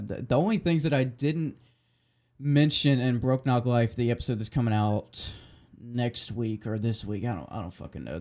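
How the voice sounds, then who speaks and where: A man's voice: medium pitch, a little mellow. A drunk man telling a story as a podcast host, rambling, swearing and restarting often.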